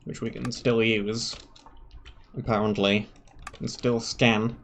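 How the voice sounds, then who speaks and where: A man's voice: fairly low pitch, flat delivery, slow pace, vocal fry, a bit bright, slight background noise. A man streaming a game live, reading quest text aloud and making dry, wry asides as he plays. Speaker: gaming streamer.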